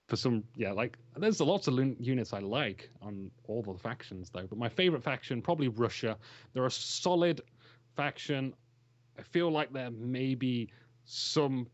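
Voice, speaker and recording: A man's voice: mid-range voice, no room sound, muffled recording. A man chatting casually as an interview guest about strategy games, rambling and enthusiastic, laughing often. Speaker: interview guest, game shoutcaster.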